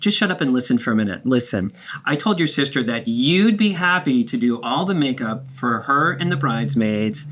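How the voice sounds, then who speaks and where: A man's voice: medium pitch, expressive, normal speed, fairly bright tone, slight background noise, close to an everyday voice. A man voicing a self-absorbed, defensive middle-aged mother in a therapeutic role-play, talking over her child. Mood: bossy. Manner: dramatic, guilt-tripping, talks over her child.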